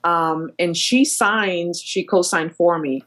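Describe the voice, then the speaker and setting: A woman in her thirties, an airline captain, telling stories in an animated way as a guest on a podcast, with many fillers. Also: on the low side, slow. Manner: animated storyteller, full of fillers. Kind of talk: storytelling interview chat.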